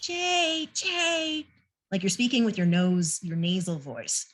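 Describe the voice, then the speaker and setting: In an online training talk recorded in a home room with a pet bird nearby, a naturalist presenter casually explains bird sounds in a self-deprecating way. Her voice is fairly low and animated at a normal speed, and the recording is very noisy.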